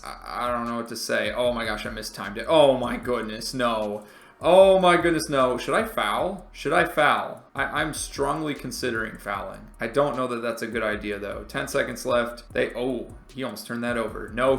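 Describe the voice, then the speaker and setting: Gamer guy yelling through his basketball game, gravelly voice, echoey room. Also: mid-range voice. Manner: excitable, reacts loudly to plays, frequent exclamations. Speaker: gaming commentator. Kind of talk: live gameplay commentary.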